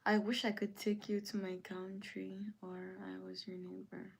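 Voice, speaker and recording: A young woman with a mid-range voice hosts a casual livestream, reading comments aloud. She rants indignantly and repeats herself. Her pitch jumps up sharply when she gets worked up. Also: little pitch movement, unhurried, gravelly, breathy edge. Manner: indignant, repetitive ranting with sudden rises in pitch. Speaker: livestream host.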